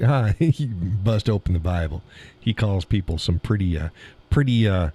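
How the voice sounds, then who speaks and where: Scornful low-voiced man streaming. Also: moderate pace, dark tone, husky. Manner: blunt, scornful, laughs often. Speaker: live stream host. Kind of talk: casual political commentary reading chat.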